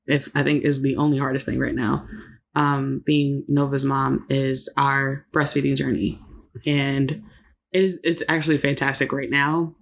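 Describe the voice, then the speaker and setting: A woman co-hosting a couples podcast, telling a personal story in a reflective, faith-filled way. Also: a bass voice. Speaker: podcast co-host. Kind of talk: casual chat.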